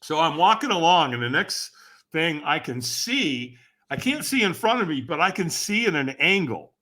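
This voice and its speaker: A man who is a guest on a podcast, telling a story dramatically and acting out the voices and shouts of the people in it. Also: a little high, big pitch swings, moderate pace. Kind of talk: animated storytelling.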